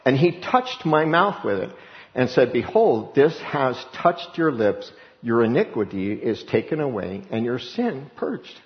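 A man preaching a sermon to his congregation, animated, often acting out scripture voices with sudden high-pitched bursts. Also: unhurried. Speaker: pastor. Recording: dull sound with long reverb in a hall.

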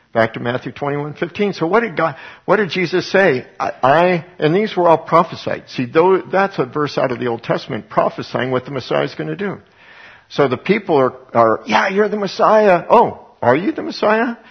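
Gravelly male preacher teaching scripture, slightly husky, dull lo-fi sound. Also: medium pitch. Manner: reads scripture, acts out voices of people. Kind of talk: Bible teaching. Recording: dull lo-fi recording.

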